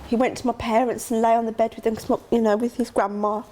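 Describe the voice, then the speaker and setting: A middle-aged woman talks openly and emotionally as an interview guest. She tells her memories quickly, acting out remembered conversations, and her voice jumps high when she gasps. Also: flat delivery, dark tone, slight background noise. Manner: emotional, acts out quoted dialogue with sudden high gasps. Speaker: interview guest, grieving mother.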